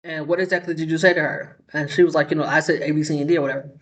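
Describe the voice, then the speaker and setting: A woman's voice: deep voice, quick pace, a bit bright. Woman vlogger firing off rhetorical questions. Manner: talks to the viewer with rhetorical questions and frequent "like" and "you know". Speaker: vlog host. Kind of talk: casual commentary chat.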